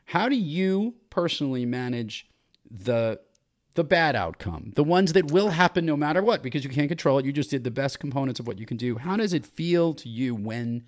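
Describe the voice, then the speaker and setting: A man hosting a podcast, asking long questions with halting restarts. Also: medium pitch. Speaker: podcast host. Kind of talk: interview questions.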